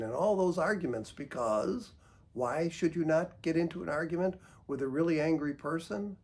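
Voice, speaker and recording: Husky man calmly teaching. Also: on the high side, normal speed. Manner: gentle, patient, explains with examples. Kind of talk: calm instructional talk.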